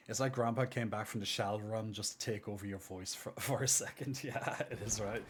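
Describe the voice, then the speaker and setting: A man live-streaming a game, chatting casually and rambling excitedly with lots of fillers and laughter. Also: on the low side, fairly quick, a little hiss or hum. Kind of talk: casual live-stream chat while gaming.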